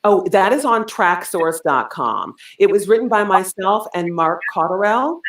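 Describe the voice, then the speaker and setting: A woman's voice: medium pitch, animated, a little slow, reverberant, far from the mic. A woman singer and guest, talking in an upbeat, heartfelt way on a casual video call. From New York.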